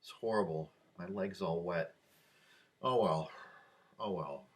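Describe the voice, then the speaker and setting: An older man with a fairly low voice talks through a wandering vlog monologue. He gets sidetracked by asides, then turns emphatic and insistent once he is back on his argument. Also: takes it slowly. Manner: easily distracted, wandering asides. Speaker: vlogger. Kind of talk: rambling opinion monologue.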